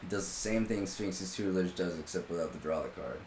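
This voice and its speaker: A man's voice: low-pitched, a little fast. A man co-hosting a casual podcast, telling stories animatedly and swearing constantly. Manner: animated storytelling, swears constantly, gets loud retelling a rant. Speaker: podcast co-host. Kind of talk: casual profane chat. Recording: roomy room with faint background noise.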